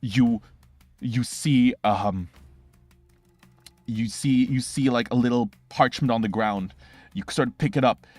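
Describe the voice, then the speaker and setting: A man's voice: mid-range voice, dry recording, faint music behind. Young man narrating as game master. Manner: animated, fast storytelling with sound effects and restarts.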